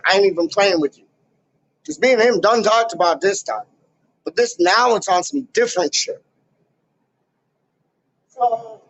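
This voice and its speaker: High-pitched man ranting with slang. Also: fairly bright tone, dry recording, highs cut off. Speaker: YouTuber. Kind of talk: casual ranting vlog. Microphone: camera mic.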